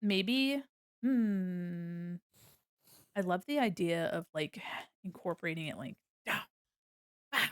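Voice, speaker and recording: A young woman with a fairly low, smooth, animated voice chats slowly and with many pauses on a live art stream as she draws. Talking into a desk mic on a mic arm at home, she's playful and rambling, often drifting into hums and silly sounds, and the recording is clean studio sound with no room noise.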